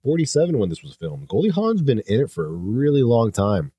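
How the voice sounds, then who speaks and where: A man's voice: medium pitch, huge pitch swings, a little fast, dark tone, slightly rough, dry recording, clean studio sound. A young adult man co-hosting a podcast, casually recapping a film with jokes, laughter and swearing. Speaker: podcast co-host. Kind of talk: casual movie commentary chat.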